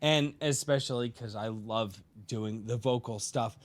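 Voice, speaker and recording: A man's voice: mid-range voice, a little slow. A man hosting a casual podcast chat, rambling and swearing freely, a bit tipsy from drinking. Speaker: podcast host.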